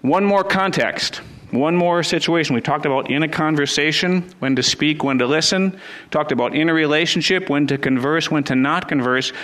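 A man's voice: on the high side, normal speed, a bit bright. A middle-aged man preaching a sermon as pastor, earnest and building to fervent emphasis, with frequent restarts.

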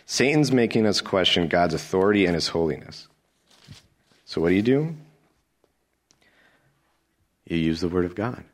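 Lively, low-voiced male preacher. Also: a little fast. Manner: emphatic, repetitive and rhetorical. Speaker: pastor. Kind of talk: sermon.

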